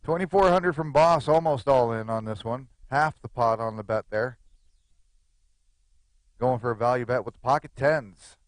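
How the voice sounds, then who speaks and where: A man's voice: mid-range voice, moderate pace, no room sound. A man giving live, chatty play-by-play commentary on a poker game, with joking asides.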